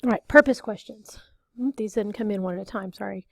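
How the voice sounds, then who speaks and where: A woman's voice: medium pitch, a little fast, creaky, no echo, studio quality. A woman teacher explaining reading test questions, patiently repeating and rephrasing each point in a recorded lesson.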